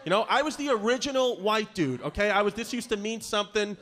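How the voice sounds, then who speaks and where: A man's voice: high voice, fast talker, fairly bright tone, soft background music. A man doing a brash, profane stand-up set with crowd work. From Brooklyn, New York. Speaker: stand-up comedian. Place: comedy club stage before a live audience. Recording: live club recording with audience noise. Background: audience laughter.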